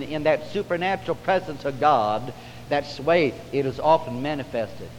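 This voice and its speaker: A male pastor preaching a revival sermon in a church service, building to fervent, drawn-out emphasis. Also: medium pitch. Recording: long hall reverb with faint hum.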